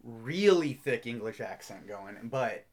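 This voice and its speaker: A man's voice: mid-range voice, lively intonation, slow. A man co-hosting a podcast, casually sharing behind-the-scenes film history in a knowledgeable, storytelling way. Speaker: podcast co-host.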